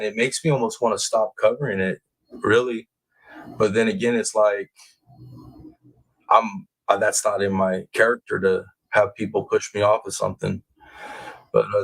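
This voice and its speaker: A man's fairly low voice comes through a rough recording as he hosts a true crime stream. Casually ranting, he swears bluntly, drops a few "y'all"s, and then turns to reading viewer names aloud.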